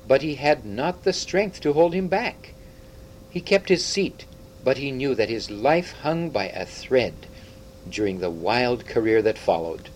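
A man narrating a storybook aloud with expressive, dramatic delivery. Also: mid-range voice, a little hiss or hum, poor audio. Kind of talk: audiobook storytelling.

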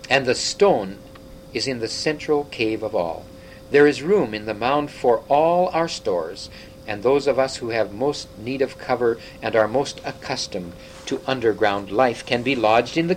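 A man reading an audiobook, voicing an excitable old half-dwarf scholar who lectures briskly. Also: medium pitch, slight background noise, close to an everyday voice, poor audio.

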